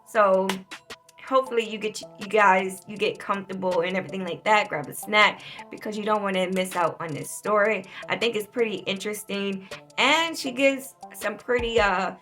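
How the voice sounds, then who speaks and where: Bright-voiced woman hosting a reaction video. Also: medium pitch, normal speed, faint music behind. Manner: chatty, addresses the audience directly. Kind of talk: casual chat to viewers.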